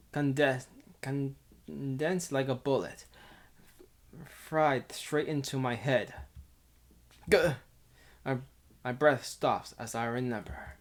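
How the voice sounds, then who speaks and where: A streamer reading a visual novel aloud in a casual, giggly way, stumbling and restarting over words between bits of chat. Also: mid-range voice. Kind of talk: casual visual novel read-through with commentary.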